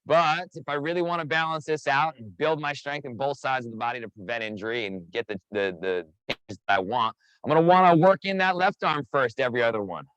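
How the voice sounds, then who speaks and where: An energetic man coaching a live online workout class over a video call, counting down reps and calling out participants by name. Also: mid-range voice, brisk, clear, resonant tone, dry recording, rough recording. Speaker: fitness instructor.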